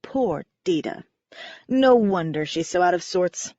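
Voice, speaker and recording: A woman voicing a flamboyant, theatrical middle-aged warlock father who speaks in a slow, grandiose, pompous way. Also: on the low side, expressive, warm tone, no echo. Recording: dry, slightly dull recording.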